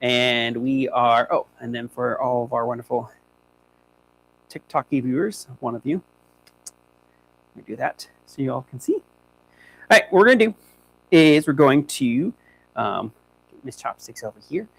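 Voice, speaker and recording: A man's voice: mid-range voice, normal speed, long pauses, a bit bright, poor audio. A young man who trains dogs, demonstrating on a live stream in a chatty, upbeat way and talking to his dogs as he goes. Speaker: dog trainer. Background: faint hum.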